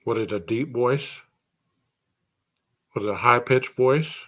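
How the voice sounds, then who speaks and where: Man, podcast host, true crime commentary, slow deliberate pace, rhetorical questions. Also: medium pitch, sharp tone. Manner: asks string of rhetorical questions.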